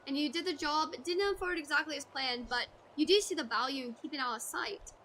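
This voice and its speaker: A woman's voice: high voice, a little fast, fairly bright tone, slight background noise. A woman reading as a salty pirate guildmaster. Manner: salty seafaring speech, calls others lass. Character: gruff male pirate guildmaster of rogues. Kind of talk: reading game dialogue aloud.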